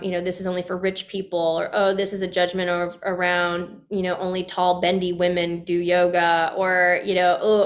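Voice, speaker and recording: A woman guest on a podcast telling a personal story in a casual, animated way, with many fillers and restarts and acted-out quotes. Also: mid-range voice.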